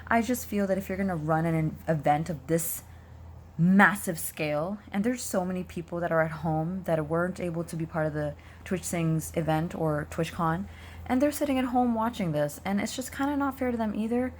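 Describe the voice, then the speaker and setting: This lowish, slightly mellow female voice comes with a little background noise and a normal speaking speed. The young streamer from Canada chats in a rambling vlog manner to her audience, sprinkling in ums and likes while her voice gives out.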